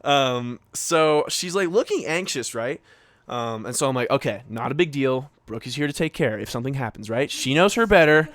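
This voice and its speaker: A young man co-hosts a casual podcast, rambling through a story with plenty of fillers and little acted-out quotes. His voice is mid-pitched and sits in a very dry, close-miked sound with no room around it. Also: lively intonation, normal speed, a bit bright, dry recording. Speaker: podcast co-host.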